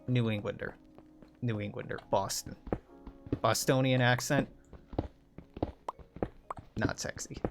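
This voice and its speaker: A man's voice: medium pitch, fairly even intonation, slow, gravelly, long pauses. A young man hosting a gaming video, chatting casually in a sardonic, profane, rambling way over background music. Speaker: gaming channel host.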